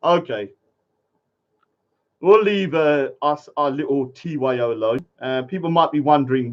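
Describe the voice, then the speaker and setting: A man's voice: on the high side, measured pace, long pauses, muffled recording. A man giving casual, mocking commentary over memes and laughing at his own jokes. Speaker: video commentator.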